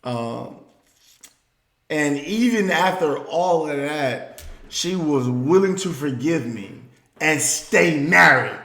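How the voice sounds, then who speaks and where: Southern-raised guy telling his story on stage, slow and heartfelt, goes quiet then loud, big echoey room. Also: on the high side, expressive, vocal fry. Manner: swings from hushed, slow reflection to loud, emphatic bursts. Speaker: speaker. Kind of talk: personal storytelling talk.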